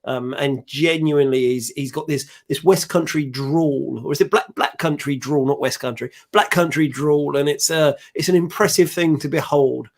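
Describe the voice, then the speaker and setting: Slightly high-voiced man trading dry jokes. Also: steady tone, moderate pace, hardly any pauses. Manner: dry, joking banter. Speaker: podcast co-host. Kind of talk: casual chat.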